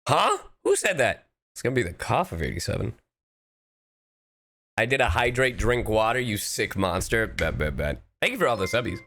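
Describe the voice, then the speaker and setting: A man's voice: fairly low pitch, lively intonation, fairly quick, fairly bright tone. A man chatting casually on a live stream, playful and a bit goofy, slightly sick with a cough. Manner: playful, goofy asides and repeated phrases.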